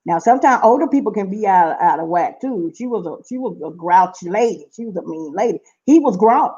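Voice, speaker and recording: A woman's voice: mid-range voice, lively intonation, brisk, warm tone, husky. Woman, middle-aged, from Seattle, casual storytelling vlog, emphatic, repeats herself, slightly muffled audio. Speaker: vlogger.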